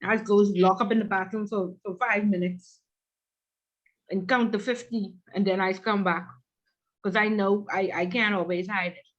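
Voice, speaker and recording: Woman, instructor, animated storyteller, online class, muffled lo-fi call audio. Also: medium pitch, normal speed. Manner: animated, acts out quoted voices.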